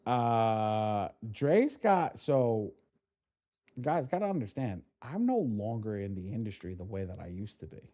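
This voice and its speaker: A man hosting a live training class, telling stories in a casual, animated way, swearing freely and often restarting his sentences. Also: on the low side, unhurried. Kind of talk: casual live-stream storytelling.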